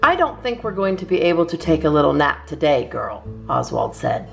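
A woman reading a children's picture book aloud in a lively, sing-song way. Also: low-pitched, fairly quick, gravelly, faint music behind. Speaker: children's story reader. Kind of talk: read-aloud storytime.

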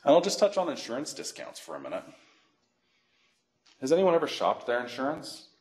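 A middle-aged man from Canada, a financial educator giving a workshop, telling animated stories and acting out phone calls. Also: medium pitch, brisk. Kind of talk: workshop presentation with anecdotes. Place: library meeting room. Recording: echoey room.

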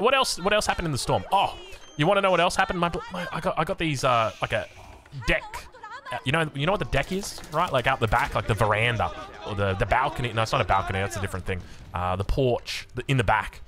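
Lively Australian man casting a strategy game. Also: mid-range voice. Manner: jokey, rambling, excitable. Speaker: game caster. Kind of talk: game commentary with chatty asides.

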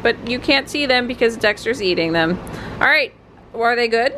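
A woman's voice: lively intonation, normal speed, fairly bright tone, a little hiss or hum. Chatty woman vlogging with her dog. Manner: chatty, talks to her dog in a high sing-song voice. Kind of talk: casual vlog chat. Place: home living room.

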